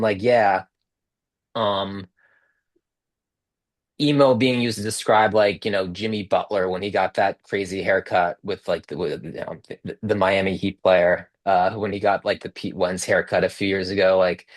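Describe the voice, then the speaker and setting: Guy in his 30s rambling on a video call, lotsa filler words, kinda low voice, dry sound. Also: no room sound. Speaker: author guest. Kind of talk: casual conversation over video call.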